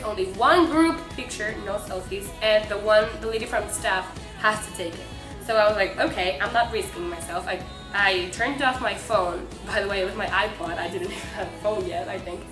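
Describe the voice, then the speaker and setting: A young woman from Mexico excitedly telling a fan story to camera, breathless and bubbly, full of "like". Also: mid-range voice, moderate pace. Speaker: vlogger. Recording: echoey room with faint music.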